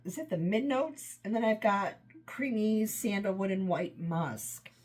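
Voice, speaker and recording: A woman's voice: medium pitch, unhurried, a little mellow. Chatty woman reviewing home scents. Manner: rambling, enthusiastic, trails off often. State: voice tiring, run down. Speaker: home fragrance vlogger. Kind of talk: casual product review.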